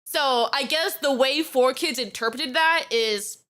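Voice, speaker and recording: A woman's voice: sits high, measured pace, bright, forceful tone. A young woman from New York chatting on a reaction stream, giggly and rambling, with lots of fillers. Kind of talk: casual reaction stream chat.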